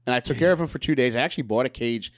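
A man's voice: mid-range voice, racing. A man, a guest on a comedy podcast, rambling and crude with lots of fillers. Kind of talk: casual comedic chat.

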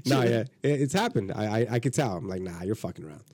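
A man hosting a casual podcast talks fast and tells profane stories, acting out every quote with big swings in pitch. His voice is husky and dark. The sound is dry and close to the mic. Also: expressive, no echo. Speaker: podcast host.

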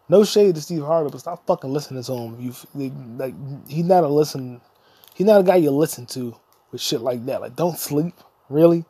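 A man's voice: fairly high pitch, mellow, husky. A young adult man hosting a podcast, delivering a profane, insulting solo comedy rant that mock-lectures the listener. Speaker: podcast host.

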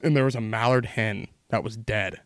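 A man's voice: fairly low pitch, fairly even intonation, moderate pace, no room sound, clean studio sound. A man telling long, rambling stories in casual podcast chat, swearing constantly as he goes.

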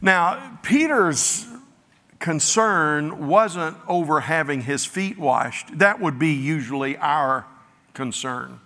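Bright-voiced male preacher in a hall. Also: takes it slowly. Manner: animated, voices the disciples with rising pitch. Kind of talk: sermon with scripture reading. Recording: long reverb of a hall.

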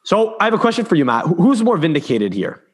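A man's voice: sits high, quick pace, husky. A man co-hosting a football podcast in casual chat, opinionated and rambling, often repeating words and restarting his sentences. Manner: opinionated, animated. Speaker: podcast co-host.

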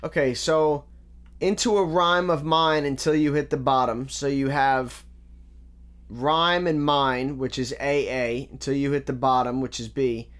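A man's voice: medium pitch, fairly even intonation, moderate pace. A man giving a casual, methodical spoken breakdown of rap verses. He quotes lines back and keeps coming back to "again.". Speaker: rap lyric reviewer.

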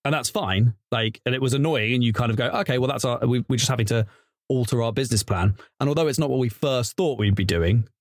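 A man's voice: medium pitch, fast, dry recording, studio quality. A man talking casually as an improv comedian guest, chatty and rambling. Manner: chatty, rambling with restarts and laughs. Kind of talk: casual interview chat.

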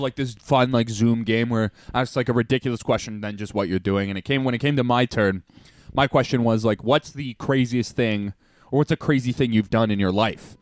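A young man from Canada co-hosting a casual podcast, telling stories in an animated way and acting out what people said. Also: mid-range voice, no echo, clean studio sound. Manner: animated storytelling, acts out quotes, laughs often. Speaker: podcast co-host. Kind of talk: casual chat.

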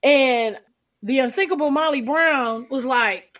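A woman with a high, bright voice tells stories in a loose, chatty way. She laughs often as she talks. It is an easy co-host conversation. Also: animated, a little slow. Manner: laughs often while telling funny stories. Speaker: podcast co-host. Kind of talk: casual chat, storytelling.

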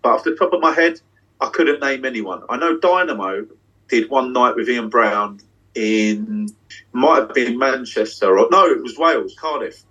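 A husky man with a middle-pitched voice, talking with swagger and freely dropped swear words. He speaks a little back from the mic in a backstage dressing room, excited and open about his stage life. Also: moderate pace, far from the mic, highs cut off. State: getting emotional. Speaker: magician and tour guest. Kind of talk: candid casual interview.

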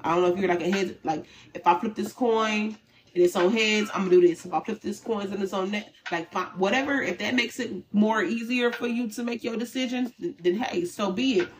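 A woman's voice: mid-range voice, a little fast. Candid woman giving a tarot reading. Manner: animated and candid, with slang and swearing. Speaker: tarot reader. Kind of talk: casual spiritual reading.

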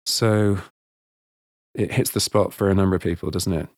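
A man hosting an interview, speaking gently, affirming his guest and asking leading questions. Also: deep voice, steady tone, moderate pace, long pauses, no echo, studio quality. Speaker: host.

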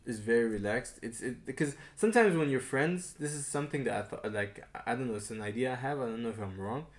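A young man from Sudan chatting casually as a podcast co-host, relaxed and rambling with fillers and restarts. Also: medium pitch, fast. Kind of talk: casual chat.

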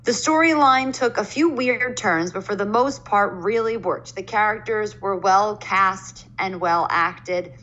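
A woman's voice: mid-range voice, measured pace, few pauses, fairly bright tone, muffled recording. Easygoing young woman podcast co-host. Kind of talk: casual chat.

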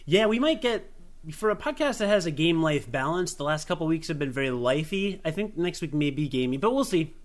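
A man's voice: fairly high pitch, animated, a little fast. Rambling young American podcast host man. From United States. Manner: rambling, self-deprecating, frequent restarts. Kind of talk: casual chat.

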